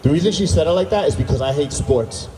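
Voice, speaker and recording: A man doing stand-up comedy at an outdoor concert, telling animated stories and bantering with the crowd. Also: a little high, fast talker, a little hiss or hum. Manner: animated storytelling, acting out dialogue with the crowd. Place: outdoor stage at a summer concert. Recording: echoey outdoor PA sound from far off.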